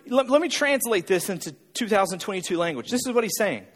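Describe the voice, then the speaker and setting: High-pitched animated preaching man. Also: fast talker, hardly any pauses, long reverb tail. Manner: emphatic, repetitive preaching with rhetorical questions. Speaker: pastor. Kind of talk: sermon.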